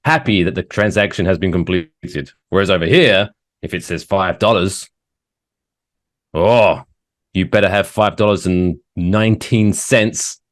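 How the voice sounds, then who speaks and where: A man's voice: low voice, a little slow, no echo, studio quality. A man with a British accent, a guest on a podcast, chatting casually and telling grumbling stories with plenty of energy. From United Kingdom. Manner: animated, grumbling storyteller. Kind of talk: casual chat.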